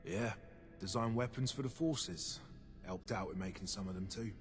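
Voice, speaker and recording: A prickly ghoul gun merchant, voiced by an actor speaks with a British accent in a very deep register. His replies are short and guarded. Game music plays steadily behind his lines. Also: normal speed, close to an everyday voice. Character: curt, prickly ghoul ammo merchant, a grown man. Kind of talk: video game dialogue.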